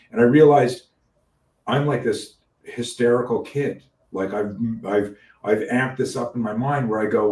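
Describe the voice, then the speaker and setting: A man hosting a podcast interview, telling stories in an animated way, swearing freely and often restarting his sentences. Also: medium pitch, unhurried, echoey room, far from the mic, low-quality recording. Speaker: podcast host. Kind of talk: casual interview chat.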